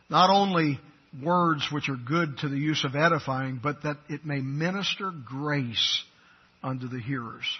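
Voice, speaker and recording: A man preaching a sermon as pastor, swinging from loud, emphatic declarations to quiet, intimate asides. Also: on the high side, breathy edge, dull audio.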